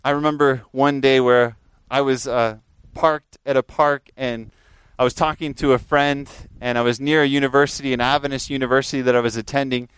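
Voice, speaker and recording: Man, sermon, earnest, emphatic then hushed, smooth tone, dry sound. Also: mid-range voice, fairly even intonation, fairly quick, no echo, low-quality recording. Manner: earnest, swings from raised emphasis to quiet prayer. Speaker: preacher.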